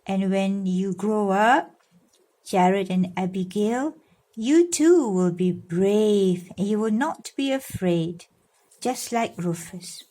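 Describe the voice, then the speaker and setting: A woman reading a storybook aloud to her godchildren, pausing to explain and coax them with questions. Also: mid-range voice. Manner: warm, coaxing, explains and asks children questions. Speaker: godmother reading to children.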